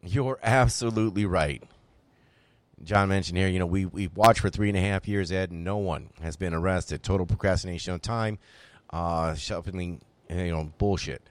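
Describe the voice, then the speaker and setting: Deep-voiced emphatic man, political talk host. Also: normal speed, dry recording. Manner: emphatic, animated, repeats himself when making a point. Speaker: podcast host. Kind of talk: political talk show commentary.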